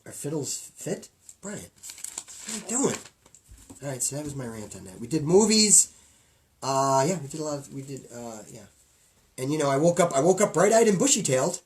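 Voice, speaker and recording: A middle-aged man co-hosting a loose comedy podcast, rambling from joke to joke. His pitch leaps and dips all over as he jumps between loud bits and quiet mutters. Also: sing-song, normal speed, long pauses. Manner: jokey, rambling, swings between loud bits and low mumbles. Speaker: podcast co-host. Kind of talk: casual comedic chat.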